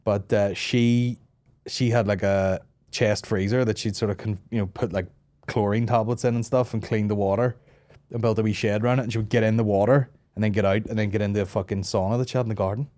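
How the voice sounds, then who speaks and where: A man's voice: on the low side, steady tone, a little fast, darkish tone. A man in his thirties with a Northern Irish accent, hosting a comedy podcast in loose, rambling, profane chat with laughs between riffs. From Northern Ireland. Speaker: podcast host.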